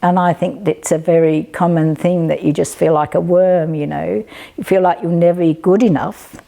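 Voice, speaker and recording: A woman's voice: lowish voice, fairly even intonation, moderate pace, vocal fry, mellow. An older woman, telling a rambling, chatty personal story in a casual spoken way. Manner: rambling, chatty, with frequent fillers.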